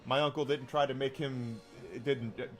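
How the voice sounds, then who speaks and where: A man's voice: medium pitch, fairly even intonation, normal speed, faint music behind. A man streaming a game and telling a long story in a rambling, casual way, full of restarts and fillers.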